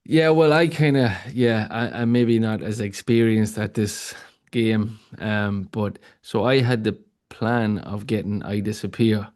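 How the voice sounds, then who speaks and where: A man's voice: fairly low pitch, darkish tone. Chatty man in his thirties. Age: 30s. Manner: chatty storyteller, many fillers and restarts. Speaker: podcast host. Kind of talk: casual podcast chat.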